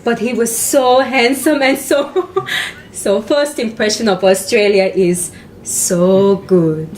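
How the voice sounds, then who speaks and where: A woman's voice: medium pitch, slow, darkish tone, a little hiss or hum, natural voice, low-quality recording. An actress playing a young woman newly arrived, speaking hesitantly with many ums on a small live stage. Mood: fond. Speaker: stage actor in verbatim theatre.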